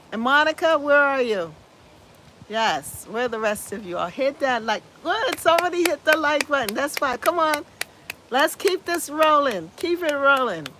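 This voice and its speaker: Woman, livestream gardening host; scratchy, a touch high-pitched, upbeat and effusive, casual chat. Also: fairly bright tone. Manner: effusive and upbeat, repeats phrases, exclaims hallelujah. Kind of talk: casual livestream chat reading viewer comments.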